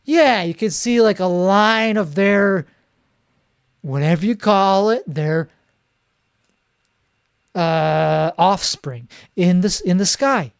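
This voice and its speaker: Rambling deadpan male comedian. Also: high-pitched, slow, vocal fry, pauses often, clear, resonant tone, dry recording, studio quality. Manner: rambling, deadpan, self-correcting. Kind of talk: solo comedy monologue.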